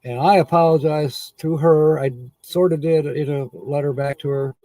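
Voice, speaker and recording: A man's voice: fairly high pitch, fairly even intonation, normal speed, dark tone, no room sound. A man hosting a casual live stream, rambling and chuckling often as he corrects himself.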